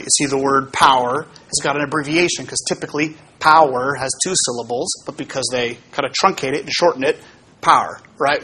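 A man, a pastor, giving a relaxed teaching talk to his congregation about how hymns are built, explaining with fillers and small asides. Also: medium pitch, breathy edge.

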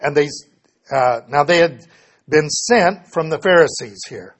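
A man with a slightly raised, husky voice leads a Bible study lesson. He reads scripture passages aloud and then explains them in plain terms, often catching and correcting his own slips. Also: a little high, lively intonation, a little slow. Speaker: Bible teacher.

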